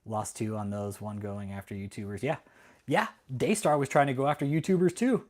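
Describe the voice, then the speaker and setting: A man's voice: mid-range voice, steady tone, fairly quick. A middle-aged man from Texas, hosting an angry, profane commentary rant full of defiance and swearing. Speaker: host.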